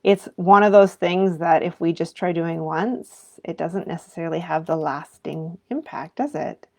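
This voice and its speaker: This earnest, reflective live talk for educators comes from a mindfulness teacher, a woman in her thirties or forties. At a moderate pace, her slightly low, gravelly voice keeps throwing rhetorical questions back to viewers.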